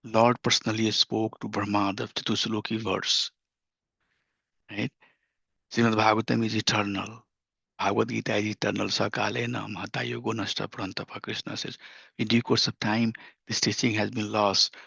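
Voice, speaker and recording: A man gives a patient scripture lesson, repeating key points and checking in with his listeners. His voice is gravelly. The sound is dry and slightly dull. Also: lowish voice, flat delivery, normal speed, long pauses, sharp tone, no room sound. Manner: explanatory, repeats points with frequent "right?" and "you know". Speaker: teacher of scripture. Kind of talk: scripture class lecture.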